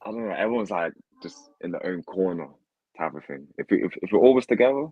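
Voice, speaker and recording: A man's voice: sits low, lively intonation, fast talker, breathy edge, no room sound, narrow, tinny audio. A man from Derby, England with an English Midlands accent, a guest rapper answering in a laid-back, slangy, rambling way. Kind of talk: casual interview chat.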